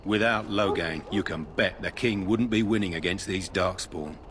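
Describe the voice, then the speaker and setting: An actor playing a chatty, loyal soldier guarding a tent in a game. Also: male voice, low-pitched, moderate pace, a bit bright, a little hiss or hum. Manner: gossipy, admiring.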